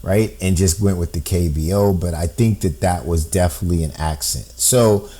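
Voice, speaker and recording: Low slow guy walking through a code on screen, dark mellow tone, keeps saying right?. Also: husky. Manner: thinks aloud, often checks in with "right?". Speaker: amateur code-breaker. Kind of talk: explaining on a shared screen.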